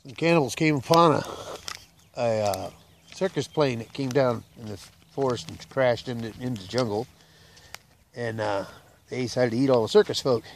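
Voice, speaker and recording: A man telling jokes in a rambling, unhurried way, filling pauses with "uh", recorded outdoors in the countryside on a camera mic. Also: mid-range voice, vocal fry, slight background noise. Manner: rambling, unhurried, lots of "uh" fillers. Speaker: joke teller. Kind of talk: folksy casual joke-telling.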